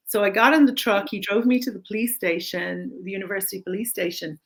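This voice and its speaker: A middle-aged woman, a guest in an interview, telling a personal story in a candid, animated way and acting out the voices of the people she quotes. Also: mid-range voice, fast talker, rough recording.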